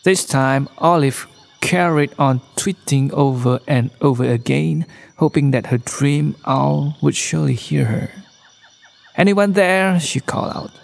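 A man narrating a children's bedtime story in a gentle read-aloud manner, recorded in a studio. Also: mid-range voice, a little slow, vocal fry. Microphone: studio microphone.

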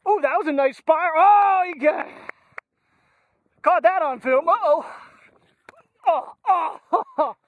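This vlogger speaks in a very high voice, slowly and with long pauses, and the audio is narrow and tinny with no room sound. Out in the cold air with his dogs, he chats casually through his daily vlog, laughing a lot and addressing the dogs on a wireless clip-on mic.

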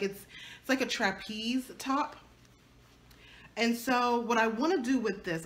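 Bright-voiced chatty woman vlogger. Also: mid-range voice. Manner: animated, chatty, acts out arguments with her husband in playful voices. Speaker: fashion vlogger. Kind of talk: casual thrift haul chat.

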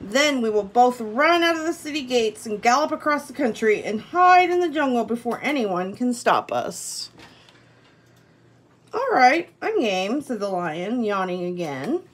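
A woman's voice: on the high side, expressive, moderate pace, few pauses, rough recording. A woman teacher reading a story aloud to her class, breaking off to make casual comments and laugh.

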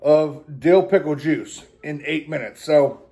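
A man's voice: a little high, slow pace, mellow. A young man hosting his own challenge channel, out of breath and stuffed, chatting casually to viewers. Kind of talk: casual vlog talk.

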